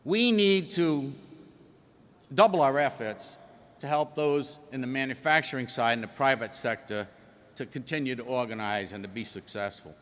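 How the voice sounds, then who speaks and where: A man's voice: medium pitch, moderate pace, a bit bright, in a large hall. A man with a Rhode Island accent giving a folksy, emphatic convention speech as a union leader, joking with the audience.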